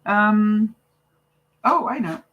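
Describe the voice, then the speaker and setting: Speaking very slowly in a mid-range voice over phone-quality sound, the older Canadian woman chats casually on her livestream. She retells conversations to her viewers and laughs often.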